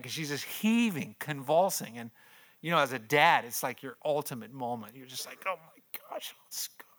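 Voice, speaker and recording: An older man, a pastor and missions speaker, giving a conversational personal testimony and laughing often as he tells it. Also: bright, forceful tone. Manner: conversational storytelling, laughs often, voice drops low in heavy moments.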